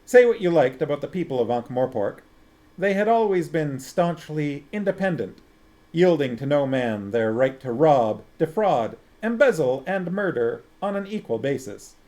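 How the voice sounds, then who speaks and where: Male streamer-reader, expressive storybook narration, lively and slightly high. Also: normal speed. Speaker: streamer reading a novel aloud. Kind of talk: audiobook-style narration and chat.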